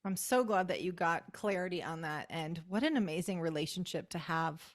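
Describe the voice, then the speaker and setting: A woman hosting a podcast interview, affirming her guest and asking gentle follow-up questions. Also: lowish voice, brisk. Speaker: podcast host.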